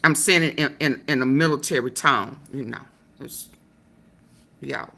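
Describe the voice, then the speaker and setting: A woman's voice: very deep voice, a little slow, gravelly, fairly bright tone. A woman vlogger giving casual commentary to her viewers, with sassy, laughing asides.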